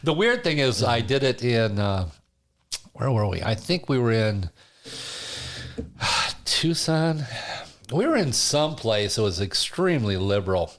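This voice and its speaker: A man, a stand-up comedian, telling stories in a casual studio interview, quick and chuckling. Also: medium pitch. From Detroit area. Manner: animated storyteller, quick and chuckling.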